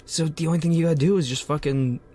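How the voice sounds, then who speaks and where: A man's voice: a little high, steady tone, quick pace, dark tone, husky. A young man co-hosting a podcast in casual chat, joking and swearing as he hands out blunt advice. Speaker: podcast co-host.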